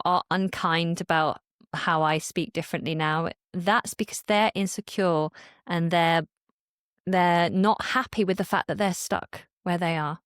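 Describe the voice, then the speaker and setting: A woman's voice: fairly low pitch, smooth, no room sound, clean studio sound. Woman speaking trained Received Pronunciation. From Manchester, northern England. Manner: candid, animated storyteller. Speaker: guest, language creator. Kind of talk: conversational podcast interview.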